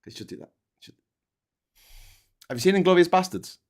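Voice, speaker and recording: A man's voice: high voice, animated, moderate pace. A man hosting a casual political chat show, sarcastic and mocking, swearing freely. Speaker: political commentary host.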